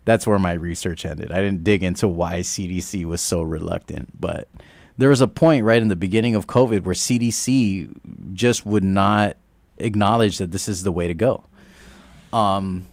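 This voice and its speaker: A man's voice: lowish voice, no room sound. A man hosting a radio talk show, telling a story casually, often laughing and acting out what people said. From Guam. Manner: animated, acts out quoted exchanges, laughs often. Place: radio studio. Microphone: studio microphone.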